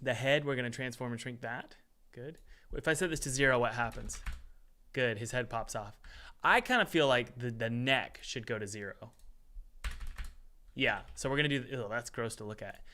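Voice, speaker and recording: Bright-voiced man narrating his game dev work. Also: mid-range voice, moderate pace. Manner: chatty, self-talking, exasperated asides. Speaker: game developer vlogger. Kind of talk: casual devlog commentary while working.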